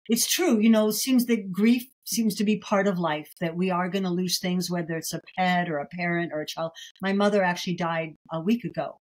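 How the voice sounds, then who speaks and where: A middle-aged woman, a herbalist guest, talking in a gentle, chatty way with many fillers in a casual interview. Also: on the low side, rough recording.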